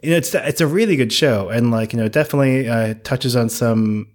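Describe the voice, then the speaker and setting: A man's voice: medium pitch, a little fast, darkish tone. A man chatting casually as a podcast co-host, rambling with lots of fillers and restarts. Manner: rambling, many likes and restarts. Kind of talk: casual chat.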